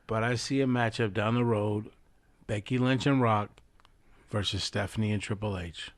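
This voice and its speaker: A man with a somewhat low voice confidently walks through his wrestling predictions on a podcast. The sound is dry and close, with almost no room in it. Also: fairly even intonation, moderate pace, dry recording. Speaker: podcast co-host. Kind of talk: casual wrestling chat.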